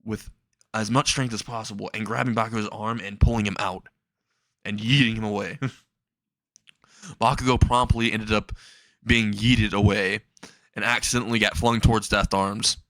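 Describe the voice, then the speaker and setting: A man's voice: on the low side, fairly even intonation, moderate pace, pauses often, fairly bright tone, no echo, clean studio sound. A young man casually narrating a comedic fan story, rambling and laughing at his own jokes.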